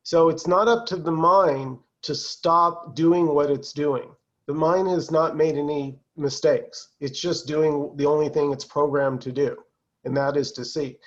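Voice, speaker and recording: A man leading a spiritual satsang over a video call, in a calm, conversational way with easy laughs. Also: on the high side, a little slow, lo-fi sound. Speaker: satsang teacher.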